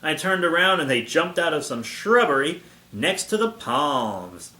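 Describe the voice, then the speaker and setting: A man's voice: fairly high pitch, big pitch swings, unhurried, sharp tone, roomy sound, pitched above the performer's own voice, exaggerated voice. A man reading the first-person narration of a naive young female giant moth, in a storybook manner.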